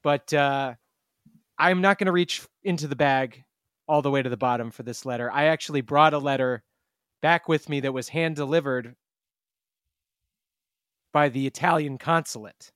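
A man co-hosting a comedy podcast, joking in casual chat with a deadpan delivery. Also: mid-range voice, moderate pace, pauses often, no echo, clean studio sound. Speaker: podcast co-host.

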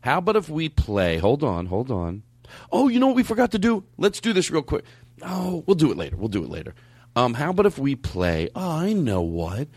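Rambling, animated male podcast host. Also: a little high, a little fast, breathy edge, no room sound. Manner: effusive, rambling, restarts a lot. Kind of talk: casual podcast chat.

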